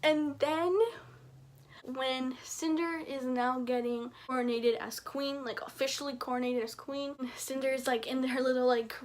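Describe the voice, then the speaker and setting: A young woman reviewing books in a casual vlog, chatty and excitable, jumping up in pitch when she acts out her own reactions. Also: unhurried. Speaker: book reviewer.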